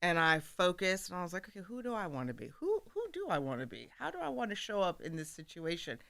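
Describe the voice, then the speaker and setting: A woman guest on a radio studio show, telling stories with animated energy and laughing often as she acts out bits of dialogue. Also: fairly low pitch, fast talker, gravelly. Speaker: guest author. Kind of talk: candid storytelling in conversation.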